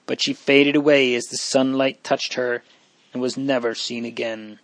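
A man narrating a period novel in a measured, even storytelling voice. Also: medium pitch, no room sound. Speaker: audiobook narrator.

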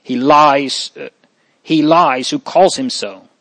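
A man's voice: medium pitch, normal speed, no room sound, close to an everyday voice. A man voicing a brave young nobleman boy who speaks with earnest urgency. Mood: defiant.

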